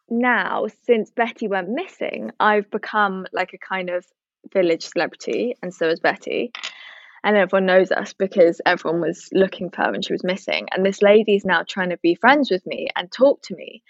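A woman chats casually, rambling with plenty of fillers at a middling pitch. The recording is dry and slightly muffled, with little room around it. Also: dry recording. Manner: chatty, storytelling with many likes and ums. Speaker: podcast co-host. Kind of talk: casual chat. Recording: dull dry sound.

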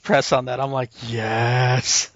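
Easygoing rambling podcast host. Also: male voice, mid-range voice, moderate pace, a bit bright, no echo. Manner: rambling, easygoing, laughs often. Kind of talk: casual chat. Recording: dull lo-fi podcast audio.

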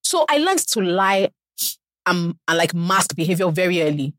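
A woman's voice: on the low side, moderate pace, no echo, studio quality. A young woman with a Nigerian accent co-hosting a podcast, chatting casually and acting out stories. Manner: animated storytelling, acts out quotes. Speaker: podcast co-host. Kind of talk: casual chat.

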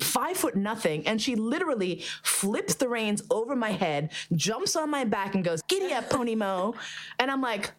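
A woman hosting a podcast, telling a candid story full of swearing and acted-out quotes. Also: mid-range voice. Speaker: podcast host. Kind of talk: candid casual chat.

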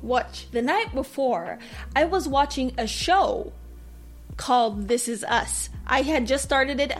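A woman's voice: high voice, lively intonation, slow pace, soft background music. A young adult woman hosting a podcast, telling a personal story in a candid, self-deprecating way, acting out quoted thoughts. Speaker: podcast host.

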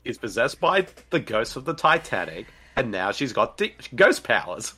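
A man's voice: medium pitch, normal speed, breathy edge. A man co-hosting a podcast, chatting casually and jokingly over a movie he is watching, laughing often. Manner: animated, jokey, laughs often. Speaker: podcast co-host. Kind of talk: casual movie commentary chat.

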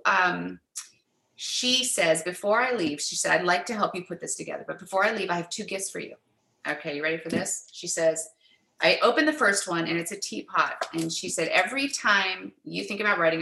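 A middle-aged woman, a guest in an interview, telling a personal faith story in an animated way and acting out the quoted dialogue. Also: on the low side, fairly quick, gravelly, roomy sound, low-quality recording.

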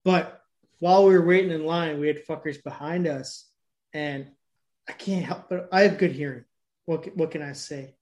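A man co-hosting a podcast, talking in a crude, rambling, animated way and telling stories full of swearing. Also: on the high side, moderate pace. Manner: profane, rambling, animated storytelling. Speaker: podcast co-host. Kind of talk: casual crude chat.

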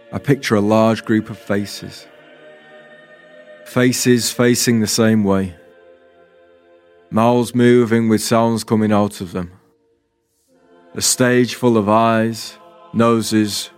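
A man narrating a poetic spoken-word story in a calm, deliberate, wistful way. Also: fairly low pitch. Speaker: writer and performer, narrator.

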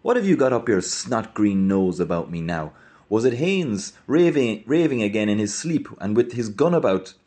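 A man voicing a brash, mocking young man who teases loudly and theatrically in a storybook reading. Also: fairly low pitch, big pitch swings, moderate pace, pitched above the performer's own voice. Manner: loud, teasing, theatrical.

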